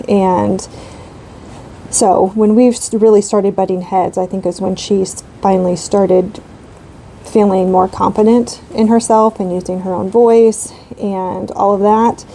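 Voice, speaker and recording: Woman in her 30s rambling about coloring, gravelly warm voice, faint hum behind. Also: mid-range voice, fairly even intonation, unhurried, rough recording. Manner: rambling, chatty, many fillers. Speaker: coloring channel host. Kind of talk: casual chat while coloring.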